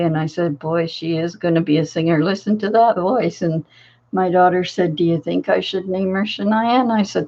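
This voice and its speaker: Older woman, low voice, rambling storyteller. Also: mellow, muffled recording. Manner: rambling, full of fillers and restarts. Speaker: crafting channel host. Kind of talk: casual storytelling.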